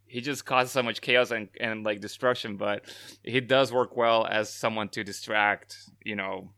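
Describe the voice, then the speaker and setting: A man's voice: fairly low pitch, fairly even intonation, normal speed, sharp tone, no echo, studio quality. A man co-hosting a podcast in casual chat, often stopping to recap in disbelief and laughing. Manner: interrupts to recap, incredulous and laughing. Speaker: podcast co-host.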